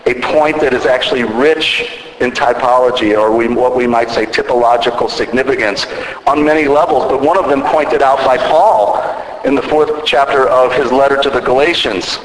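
A man's voice: mid-range voice, fairly even intonation, fairly bright tone. Man preaching in an echoing hall. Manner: measured preaching with rising emphatic peaks. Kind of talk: sermon. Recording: echoey hall, faint background noise.

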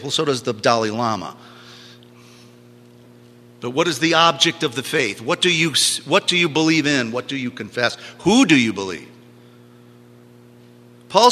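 A man with a higher, pushed and bright voice preaches a sermon, teaching emphatically and repeating key phrases for emphasis. A long hall reverb surrounds him.

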